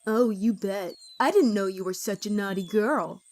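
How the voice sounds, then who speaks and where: A woman's voice: mid-range voice, moderate pace, darkish tone, close to an everyday voice. A woman voicing a smitten young guy. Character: young man, boyfriend torn between two girls.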